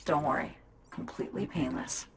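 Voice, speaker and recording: An actress playing a secretive young woman hacker, talking in a hushed, hurried, guarded way in a game. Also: natural voice. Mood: urgent. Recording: game audio with background noise.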